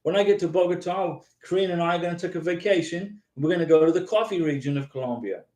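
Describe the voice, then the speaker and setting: A man rambles his way through a live stream, repeating himself and calling viewers by name as he answers their comments. His voice sits fairly high for a man, and the room around him rings with echo. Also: quick pace, darkish tone. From United States. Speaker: host of a live visa advice stream.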